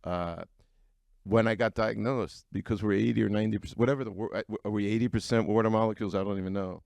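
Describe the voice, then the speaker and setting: Deep gravelly middle-aged man speaking frankly. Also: fairly even intonation, quick pace, a little mellow, no room sound. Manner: conversational and frank, with frequent fillers. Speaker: keynote speaker at an entrepreneurs' breakfast. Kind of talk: candid personal storytelling to a live audience. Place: event venue before an audience.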